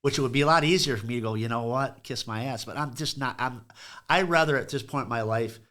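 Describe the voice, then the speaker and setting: Middle-aged man, truck shop owner, blunt and profane podcast storyteller, mid-pitched voice. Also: fast, sharp tone. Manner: blunt, profane, acts out customer calls.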